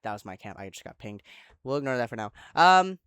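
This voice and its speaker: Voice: medium pitch, big pitch swings, brisk, a bit bright, clean tone, dry recording, clean studio sound. A channel host casually retelling an online roleplay, rambling and correcting themselves, with chatty asides to viewers.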